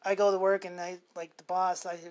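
A man's voice: sits high, monotone, brisk, darkish tone. A man in his forties, hosting an unscripted monologue. He rambles, corrects himself often and swears freely. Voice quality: rambling, with many self-corrections and fillers. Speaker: show host.

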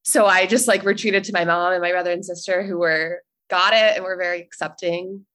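Young woman guest, chatty storyteller, lower voice, filler-heavy and easy laughs. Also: fairly even intonation, a little fast, a bit bright. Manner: chatty, lots of likes and ums, laughs easily. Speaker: podcast guest. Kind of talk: casual storytelling.

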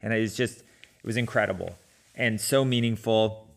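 A man's voice: lowish voice, fairly even intonation, normal speed, gravelly. A middle-aged man casually telling a personal running story, talking with many fillers and restarts. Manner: conversational with frequent fillers and restarts.

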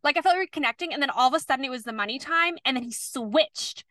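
A young woman co-hosts a podcast, talking in a loose, rambling way as a sympathetic listener. Her voice is high and bright. The sound is dry and close. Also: lively intonation, fast, dry recording. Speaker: podcast co-host. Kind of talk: casual chat.

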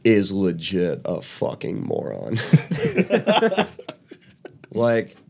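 A man's voice: mid-range voice, animated, a little slow, darkish tone. Crude, laughing male podcast storyteller. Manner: crude storytelling, laughs through his punchlines. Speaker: podcast co-host. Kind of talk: casual podcast banter.

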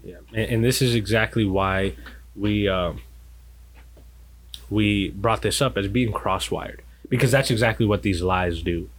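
Male co-host, deep voice, reasons aloud with questions. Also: a little slow. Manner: explains step by step, asks rhetorical questions. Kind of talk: casual faith talk.

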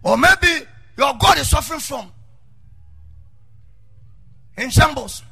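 A male pastor preaching a sermon, dropping low and then rising into sung, shouted lines. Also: expressive, slow, creaky. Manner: swings from murmuring to sung shouts. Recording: faint music behind.

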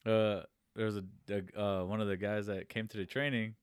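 A laid-back man from Guam sharing a story on a podcast, his smooth, resonant voice picked up close and dry. He talks loosely and laughs easily. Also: on the low side, flat delivery, moderate pace, no room sound. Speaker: podcast co-host. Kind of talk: casual chat.

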